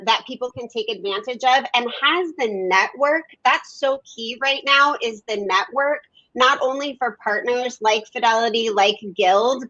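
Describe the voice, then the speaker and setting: Bright, persuasive woman on a muffled video call. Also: fairly high pitch. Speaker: real estate agent guest. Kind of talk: webinar panel discussion.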